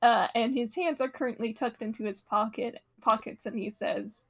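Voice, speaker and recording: A woman's voice: fairly high pitch, fairly even intonation, normal speed, vocal fry, a bit bright. A woman narrating a tabletop game as game master, casual and laughing, with many fillers.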